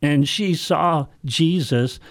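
Slow, deliberate male pastor preaching. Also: a little high, no room sound, clean studio sound. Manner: measured preaching with slow, emphatic repetitions and rhetorical questions. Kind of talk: sermon.

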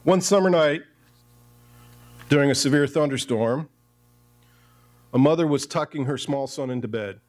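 A man's voice: on the high side, normal speed, long pauses, a little mellow. A man, a pastor, preaching a sermon in a church, talking conversationally and turning to the congregation with asides.

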